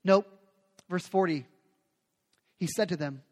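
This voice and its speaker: A man's voice: sits high, moderate pace. A man preaching a sermon with emphatic delivery, often repeating phrases for effect. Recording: long hall reverb.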